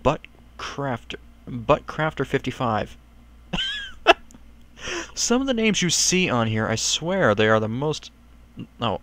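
A man chatting casually as he plays and comments on a video game, rambling and self-mocking, with sudden excited yelps. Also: mid-range voice, slight background noise. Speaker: gaming YouTuber.

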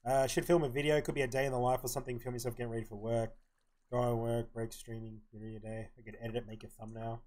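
A man's voice: mid-range voice, level tone, fast talker, darkish tone. A young man streaming a game live, chatting casually and muttering his plans to himself as he plays. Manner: mumbling to himself, thinking aloud. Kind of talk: casual live-stream commentary while playing.

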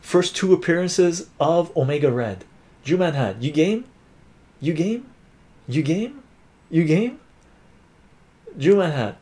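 A man's voice: fairly high pitch, takes it slowly, long pauses, slightly rough. A man hosting a casual live stream, chatting upbeat with viewers and reading their comments aloud. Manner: excited auctioneer calling bids. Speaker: streamer hosting a points auction.

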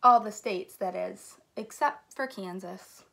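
A woman from an elementary school staff reading a picture book aloud to children, with a lively storytelling manner. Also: medium pitch, slow pace, creaky.

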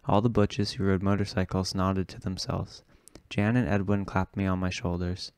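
A man reading a novel aloud in a steady, low-key way. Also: moderate pace, dry recording, clean studio sound. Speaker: audiobook reader.

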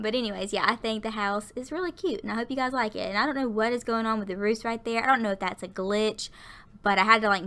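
A young woman from lower Alabama, chatting and rambling through a casual video game voiceover, audibly out of breath. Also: a bit bright, smooth. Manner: rambling, chatty, lots of fillers. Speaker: Sims build YouTuber.

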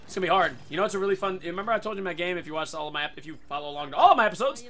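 Excitable man with a high, bright voice. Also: rapid-fire, slight background noise. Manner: excitable, loud outbursts and yelling at other players. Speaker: gaming video host. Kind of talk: live gameplay commentary. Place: home room.

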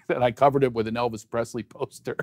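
A middle-aged man, a comedian who chats as a guest. He jokes at speed and hits his punchlines loud. His voice sits mid-range and sounds dry and close to the mic. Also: medium pitch, no echo. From Philadelphia, USA. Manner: quick, jokey, bursts of loud punchlines. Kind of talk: joking interview chat.

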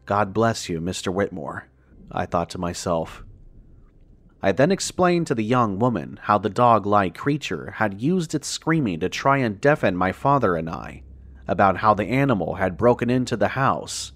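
Here a man with a lowish, somewhat bright and expressive voice narrates a first-person horror piece for a podcast, measured and dramatic, slowing for the grisly moments. There's no echo.

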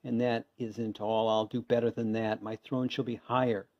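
A man's voice: lowish voice, little pitch movement, normal speed, close to an everyday voice. A man voicing a pompous, boastful male turtle king who barks his orders, on a dull lo-fi recording. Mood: bossy. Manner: barking, bossy, loud. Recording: dull lo-fi sound.

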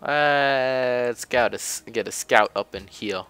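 A man's voice: medium pitch, takes it slowly, a bit bright, clean tone, soft background music. A young man giving casual, chatty commentary while playing a game, often grumbling offhandedly. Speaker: gameplay commentator. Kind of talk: casual let's play commentary. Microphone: desk mic.

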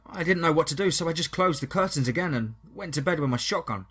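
Frightened young farmer, voiced by a man: husky, raised and pleading. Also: a little high, expressive, fast talker, sharp tone, voice pushed up, heavily acted. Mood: shaken. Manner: panicky, pleading. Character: scared young man, farmer and new father. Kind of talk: audio horror story acting.

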